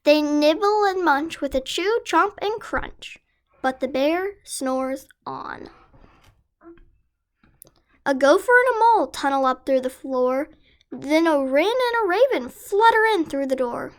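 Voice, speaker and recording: A woman's voice: high-pitched, animated, normal speed. A woman reading a children's picture book aloud in a sing-song, rhyming delivery. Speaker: storyteller.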